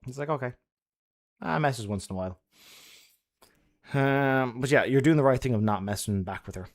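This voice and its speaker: A man's voice: mid-range voice, animated, normal speed, pauses often. Chatty, swearing man on a live stream. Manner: chatty, laughs often, swears freely; loud, friendly advice-giving. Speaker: live streamer answering chat. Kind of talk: casual live-stream chat.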